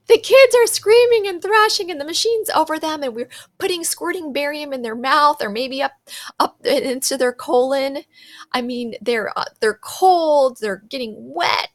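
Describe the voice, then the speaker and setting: A middle-aged woman who works in pediatric radiology, talking casually and acting out the voices she quotes. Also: on the high side. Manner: chatty and animated, acts out quoted voices. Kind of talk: casual monologue.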